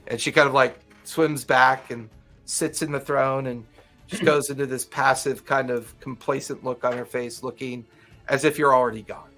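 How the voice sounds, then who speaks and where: A man runs a tabletop game as game master. He narrates in a relaxed, conversational way, guiding the players through the scene. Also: mid-range voice, moderate pace, faint music behind.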